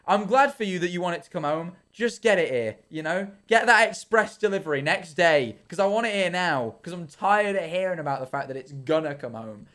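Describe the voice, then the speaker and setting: A man's voice: on the high side, fast talker, hardly any pauses, fairly bright tone. Rambling young British man streaming. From Britain. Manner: rambling, ranting, self-deprecating. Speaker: livestreamer. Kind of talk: casual stream chat while gaming.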